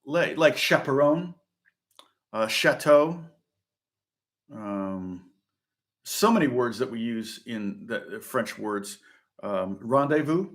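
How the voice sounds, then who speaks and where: A man's voice: medium pitch, slow, pauses often. Rambling, chuckling middle-aged man. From Indiana, USA. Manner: rambling, chuckles often, many fillers and restarts. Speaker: guitar teacher. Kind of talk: casual live-stream lesson chat.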